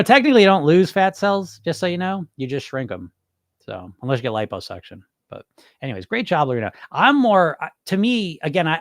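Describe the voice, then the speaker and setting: Animated, swearing male podcast host. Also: medium pitch, no room sound, studio quality. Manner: animated, profane, rambling. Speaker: podcast host and weight-loss coach. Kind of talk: casual podcast chat answering viewer comments.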